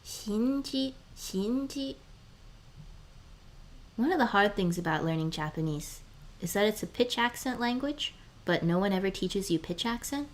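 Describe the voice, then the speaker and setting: A woman streaming casually, sounding out words slowly, often dropping to a murmur or whisper and laughing between phrases. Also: mid-range voice, lively intonation. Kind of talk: casual live-stream chat.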